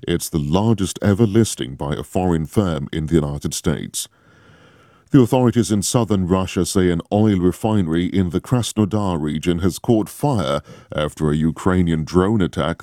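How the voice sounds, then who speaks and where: A man reading a radio news bulletin in a measured, formal way. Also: sits low, dark tone, no room sound, clean studio sound. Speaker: newsreader.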